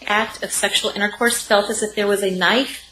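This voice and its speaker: A woman's voice: medium pitch, fairly even intonation, normal speed, fairly bright tone. A woman in her forties, a guest coach, telling a personal story with vivid, piled-up phrases in an interview. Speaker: guest, sex and intimacy coach. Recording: roomy sound with faint background noise.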